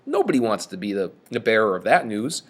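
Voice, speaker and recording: A man giving a lecture on a play, reading lines aloud and explaining them in an animated, casual way. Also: on the low side, fairly quick, slightly rough. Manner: animated, reads quoted lines with raised voice. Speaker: teacher.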